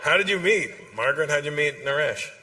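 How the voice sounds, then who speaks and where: Male stand-up comic, teasing crowd work, bright tone, live hall reverb. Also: a little high, lively intonation, brisk, slight background noise. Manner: teasing, chatty, swearing. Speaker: stand-up comedian.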